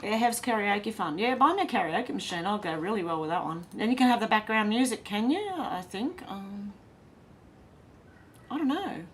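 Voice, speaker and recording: A woman's voice: mid-range voice, lively intonation, normal speed, slight background noise. An Australian woman hosting a livestream, chatting casually, laughing and reading out comments from her viewers. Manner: chatty, laughing, reads chat comments aloud. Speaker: livestream host.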